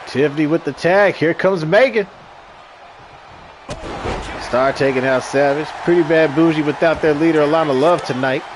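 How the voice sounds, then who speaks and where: A man's voice: a little high, normal speed, pauses often, background noise. A man in his thirties giving loose, joking, profane live commentary on a wrestling stream and chatting with viewers. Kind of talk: casual live commentary with singing and chat replies.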